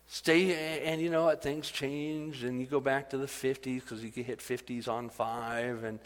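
A middle-aged man preaching a sermon in a conversational, animated way, building to excited emphasis. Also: fairly high pitch. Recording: long hall reverb.

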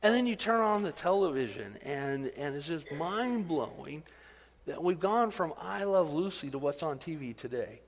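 A middle-aged man preaching a sermon in a conversational, animated way, building to excited emphasis. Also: a little high, normal speed. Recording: long hall reverb.

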